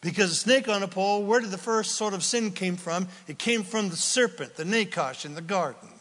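A man delivering a sermon in a high voice, loose and animated, slipping into casual voices to act out scenes. His voice rings with a long reverb from a large hall. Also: brisk. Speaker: pastor.

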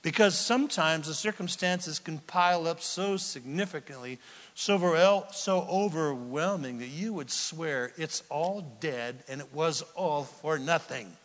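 A male pastor preaching a sermon, swinging from loud outbursts to near whispers. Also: fairly high pitch, measured pace. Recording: long hall reverb.

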